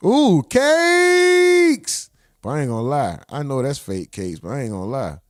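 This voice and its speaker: Animated profane man reacting on stream. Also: quick pace, no echo, studio quality. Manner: animated, mocking voices of others with sudden pitch jumps; profane, slangy street talk addressing chat. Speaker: livestream host reacting to clips. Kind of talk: casual reaction commentary.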